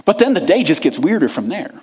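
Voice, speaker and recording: Animated man preaching in a big hall. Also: a little high, fast. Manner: animated, conversational storytelling. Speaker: pastor. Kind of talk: sermon. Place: church sanctuary.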